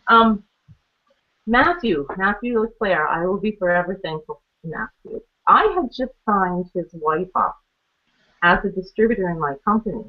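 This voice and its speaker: A woman's voice: mid-range voice, lively intonation, normal speed. A woman telling her own story on a training call, chatty, laughing often and acting out the conversations she recalls. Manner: chatty, laughs often, acts out quoted exchanges. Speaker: guest speaker on a training call. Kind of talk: personal testimony. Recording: phone-line audio.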